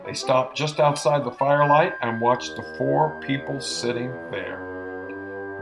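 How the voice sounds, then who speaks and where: A man reading an adventure novel aloud in an expressive, dramatic narration. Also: medium pitch, slow, gravelly, over music. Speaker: audiobook narrator. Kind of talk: audiobook narration.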